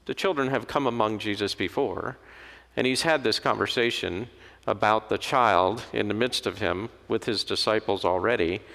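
A man's voice: lowish voice, moderate pace, a bit bright. A man preaching a sermon in a conversational, storytelling manner. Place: church. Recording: long hall reverb.

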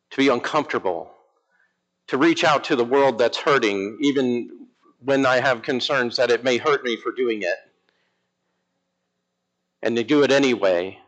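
A man who is an Episcopal priest, preaching a lively, emphatic sermon in church with humorous asides. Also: mid-range voice, measured pace, pauses often, poor audio.

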